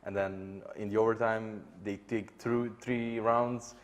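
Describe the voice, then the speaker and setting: A Serbian-accented man breaks down a match in English, his second language. His voice is fairly low, and he tells the story animatedly, with lots of filler words. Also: level tone, measured pace. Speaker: esports analyst. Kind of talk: studio analysis chat.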